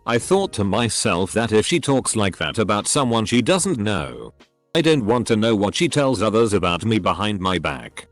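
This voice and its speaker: A synthetic male computer voice, set fairly low, reads online posts aloud one short clipped sentence after another. The pitch swings up and down through each line. Faint music plays underneath. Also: very animated, moderate pace, no room sound. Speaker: narrator reading posts aloud. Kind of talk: text-to-speech reading of online posts.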